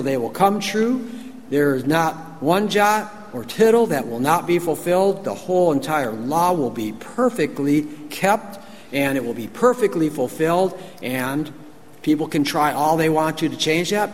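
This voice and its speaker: A man preaching a conversational sermon, folksy and emphatic, often asking the congregation questions. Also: fairly high pitch. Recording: long hall reverb, faint ambient noise.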